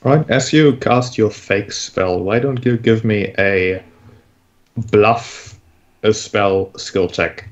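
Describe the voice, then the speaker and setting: A man running a tabletop game as game master, giving calm, matter-of-fact rulings. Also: fairly low pitch, takes it slowly. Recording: dull lo-fi mic.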